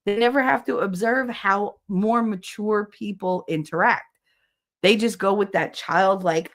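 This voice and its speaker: A woman's voice: mid-range voice, normal speed, fairly bright tone. A woman from New Jersey hosting a casual livestream, reading chat comments, blunt and swearing and often laughing. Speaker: host.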